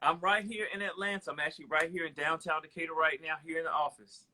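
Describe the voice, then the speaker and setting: A man's voice: a little high, steady tone, quick pace, pushed and bright. A man talking from his office over a video call, giving upbeat greetings as a guest psychologist.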